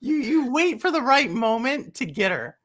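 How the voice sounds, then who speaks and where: A woman's voice: a little high, very animated, moderate pace, fairly bright tone. A woman hosting a casual podcast chat, reacting in a playful, teasing way. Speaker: host.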